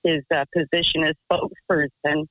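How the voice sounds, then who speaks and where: A woman's voice: low voice, flat delivery, moderate pace, a bit bright, dry recording, highs cut off. A woman from Canada calling into a radio show, telling a rambling story in a chatty, loose way. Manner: chatty, rambling, swears, laughs easily. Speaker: radio caller. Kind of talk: phone-in storytelling.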